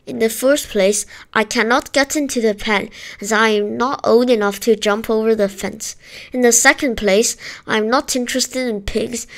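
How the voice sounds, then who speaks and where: A woman's voice: fairly high pitch, fairly even intonation, normal speed, close to an everyday voice. A woman voicing a curt, haughty young lamb in a read-aloud storybook.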